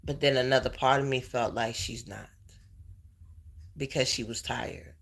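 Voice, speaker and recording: A man in a heartfelt personal chat with his viewers, tearful, halting and emotional. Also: mid-range voice, fairly even intonation, gravelly, a bit bright. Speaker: vlogger.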